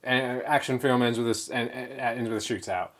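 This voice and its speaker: A man's voice: mid-range voice, fairly even intonation, brisk, fairly bright tone. A man co-hosting a casual film review chat, rambling with many restarts and fillers. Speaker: film podcast co-host.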